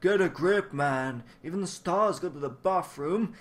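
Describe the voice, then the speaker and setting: A man's voice: a little high, a little slow, fairly bright tone. Man reading a comic aloud. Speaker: comic reader. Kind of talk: casual comic readthrough with voices.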